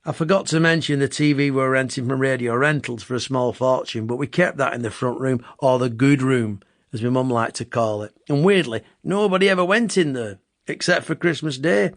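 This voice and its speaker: A man in his fifties with a Bolton accent, reading his own comic memoir with wry, deadpan asides. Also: medium pitch, fairly quick, few pauses, no room sound, studio quality. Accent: Bolton, Lancashire. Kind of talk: comic memoir audiobook narration.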